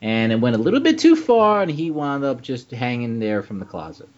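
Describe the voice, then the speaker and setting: A man's voice: medium pitch, very animated, fairly quick, a little mellow. A man hosting a casual comedy podcast, laughing often and stammering as he talks. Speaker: podcast host. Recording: dull lo-fi podcast audio.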